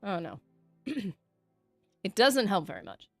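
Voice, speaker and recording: Woman game streamer, casual and reflective, mid-pitch voice, close dry sound. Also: huge pitch swings, slow pace, vocal fry, no room sound, faint music behind. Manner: chatty and reflective, reads chat aloud. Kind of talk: casual livestream chat.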